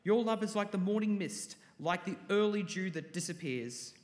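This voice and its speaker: A man with a fairly high voice reads scripture in a steady, declamatory way. A long hall reverb trails after each phrase. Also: normal speed. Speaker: scripture reader. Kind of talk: formal Bible reading.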